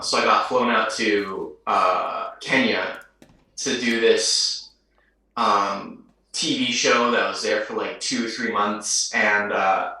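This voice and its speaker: A young man with a bright, forceful voice tells his story in an upbeat, chatty way. He sits a little back from the mic, and a strong echo surrounds him. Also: on the low side. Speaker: actor guest. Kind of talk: casual chat. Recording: very echoey, distant mic.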